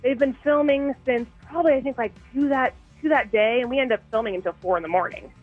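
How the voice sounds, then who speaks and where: A woman's voice: high voice, fast talker, soft background music. Chatty woman on a phone call. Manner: chatty, laughing, storytelling. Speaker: guest actor on the phone. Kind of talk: casual phone interview. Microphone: phone line.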